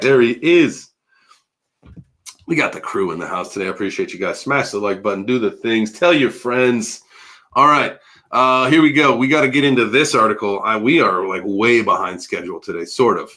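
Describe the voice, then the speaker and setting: Bright-voiced man in his forties rambling. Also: fairly low pitch, normal speed. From United States. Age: 40s. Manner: rambling, animated, swears freely. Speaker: crypto livestream host. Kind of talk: casual livestream chat.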